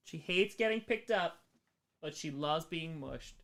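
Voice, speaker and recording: A man's voice: on the high side, lively intonation, measured pace, a bit bright. A man hosting a livestream, casually reading viewer messages aloud, joking and laughing often. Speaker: livestream host.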